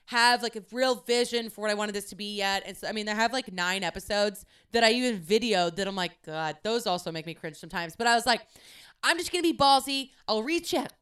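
A young woman hosting her own podcast, telling a story in a casual, chatty way with lots of swearing and animated quoting. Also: mid-range voice, fast talker, few pauses, clean tone. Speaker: podcast host.

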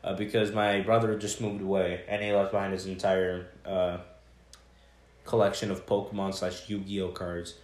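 A man's voice: low voice, flat delivery, normal speed, a little mellow. A young man co-hosting a podcast, telling rambling stories and swearing a lot in casual chat. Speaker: podcast co-host. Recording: echoey room.

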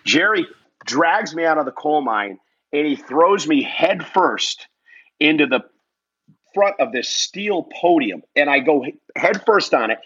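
A man with a bright, forceful, somewhat husky voice tells a personal story with energy and frequent laughter. His pitch sits a bit high for a man. The recording sounds dull and lo-fi. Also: measured pace. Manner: lively storyteller, laughs often. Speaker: wrestling commentator telling a story as a guest. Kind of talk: animated personal anecdote.

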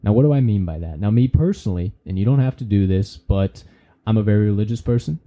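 A man's voice: on the low side, fast, mellow. A man hosting a podcast, giving a casual, preachy motivational talk with folksy slang and the odd swear word. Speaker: podcast host.

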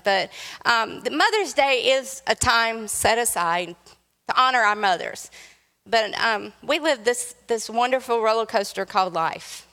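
A woman's voice: fairly high pitch, animated, moderate pace, a bit bright. A woman preaching to a church congregation, cracking jokes and drawing the crowd in. Her voice carries with a long reverb through the sanctuary. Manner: playful, joking with the congregation. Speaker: guest preacher. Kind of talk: sermon.

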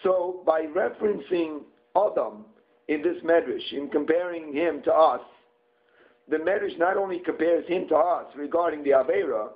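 A man's voice: a little high, moderate pace. A man giving a Torah study lesson, reading Hebrew phrases aloud and translating them into English line by line. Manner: reads Hebrew text then translates phrase by phrase. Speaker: Torah teacher. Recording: tinny phone-like sound.

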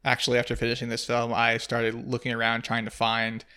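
A man's voice: mid-range voice, completely flat delivery, fairly quick, sharp tone, smooth. A man hosting a podcast, discussing a film in a thoughtful, analytical way and asking leading questions. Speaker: podcast host.

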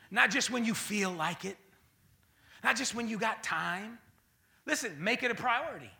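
A man preaching a sermon as pastor, swinging between loud bursts and mocking voices. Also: sits high, vocal fry.

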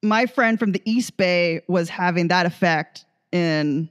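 A woman's voice: fairly low pitch, a little slow, clear, resonant tone. Rambling, laughing woman host. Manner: rambling, laughing, acts out quoted voices. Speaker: podcast host. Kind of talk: casual storytelling chat.

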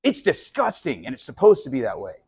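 Husky-voiced pastor preaching casually. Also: male voice, medium pitch, fairly quick. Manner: animated, casual, acts out quoted voices. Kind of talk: conversational sermon. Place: live sermon at a college venue.

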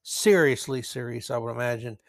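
A man's voice: medium pitch, brisk, vocal fry. A man hosting a solo opinion podcast, ranting sarcastically and hammering his key words. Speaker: podcast host.

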